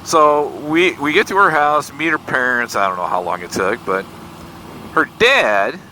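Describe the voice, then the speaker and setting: An older man in a casual, folksy ride-along vlog, poking fun at himself as he tells a tale. His voice is bright and swings up and down a lot. Faint road noise hums underneath. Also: mid-range voice, unhurried, rough recording. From Michigan, USA. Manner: folksy, self-deprecating, animated retelling of dialogue. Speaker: motorcycle vlogger. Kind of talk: casual storytelling while riding. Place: outdoors on a motorcycle on country roads. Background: faint road and vehicle noise.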